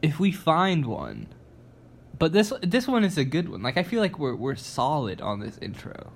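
A man's voice: on the high side, wildly swooping pitch, normal speed, gravelly. Goofy jokey young man. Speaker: podcast co-host. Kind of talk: casual chat.

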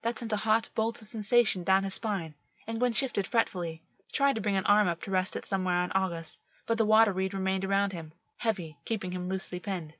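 Female narrator, measured story reading, dry and dull recording. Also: mid-range voice, fairly even intonation, fairly bright tone, dry recording. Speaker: reader. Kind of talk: scripted narration.

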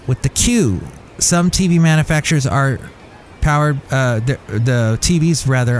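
A man's voice: a little high, a little hiss or hum. A man hosting a solo podcast, reading out facts and breaking off into joking asides. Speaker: podcast host. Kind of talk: solo podcast monologue reading tech info.

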